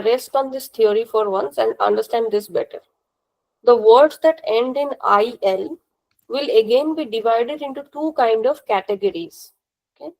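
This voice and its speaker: Patient Indian woman teaching, gravelly. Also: fairly high pitch, a little mellow, poor audio. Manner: patient, repetitive explaining with questions to the class. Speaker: language teacher. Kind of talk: classroom lesson explanation.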